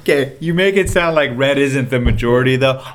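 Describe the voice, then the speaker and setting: A man co-hosting a casual podcast chat, reacting with quick jokes and prompts. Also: medium pitch. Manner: reactive, joking interjections. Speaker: podcast co-host.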